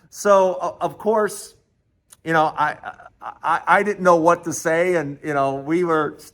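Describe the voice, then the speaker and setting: Older guy in his 60s spinning a long story, high voice, acts out everyone's lines. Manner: animated storyteller acting out quoted voices, frequent restarts. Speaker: host. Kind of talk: storytelling monologue.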